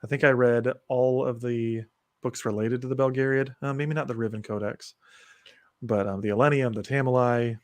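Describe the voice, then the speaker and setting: A man's voice: mid-range voice, steady tone, normal speed. Casual man chatting about fantasy books. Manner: enthusiastic, lists book titles, loose and rambling. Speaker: podcast host. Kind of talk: casual chat.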